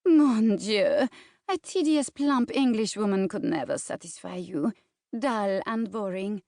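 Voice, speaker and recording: A woman's voice: mid-range voice, animated, a little slow, gravelly, a little mellow, no echo, studio quality, voice pushed up. A woman voicing a seductive French woman with a French accent, teasing and fawning. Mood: scornful.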